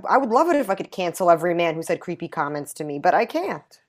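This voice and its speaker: A young woman with a New York accent, chatting on a podcast in an animated, indignant way, full of "like" fillers. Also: fairly low pitch, fast. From New York City. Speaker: podcast guest. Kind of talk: casual chat.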